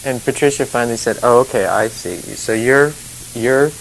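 A man's voice: mid-range voice, normal speed, a little hiss or hum, poor audio. Chuckling, rambling male meditation teacher. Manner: chatty, rambling, laughs often, many "you know" and "you see" asides. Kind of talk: informal dharma talk.

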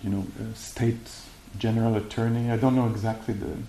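A man giving a meditation talk and answering questions, speaking haltingly with many fillers and restarts. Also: fairly low pitch, little pitch movement, creaky, dark tone. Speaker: meditation teacher. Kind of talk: dharma talk and Q&A. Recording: echoey room with faint hiss.

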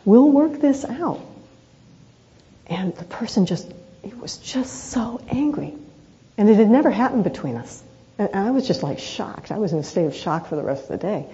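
Woman, meditation teacher, dharma talk, earnest unhurried storytelling, mellow voice, muffled lo-fi sound. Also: medium pitch, animated, a little hiss or hum. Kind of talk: reflective dharma talk with personal stories.

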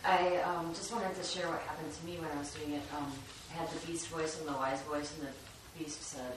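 A woman with a low voice shares her story with a meditation group, candid and laughing at herself. She sounds far from the microphone. The hall is very echoey and there is noticeable background noise. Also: steady tone, a little fast. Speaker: retreat participant. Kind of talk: sharing in a group talk. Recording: roomy hall, mic far off, noisy.

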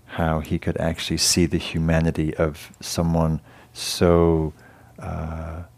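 A man with an English accent giving a dharma talk as a meditation teacher, gentle and halting, pausing and restarting as he tells a story. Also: very deep voice, monotone, gravelly. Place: meditation hall class.

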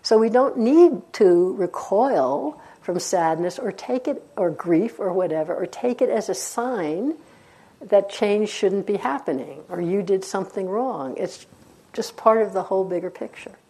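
A woman meditation teacher gives a dharma talk, telling stories in a warm, conversational way and laughing often. Her mid-range voice is expressive and slightly rough, and she takes her time.

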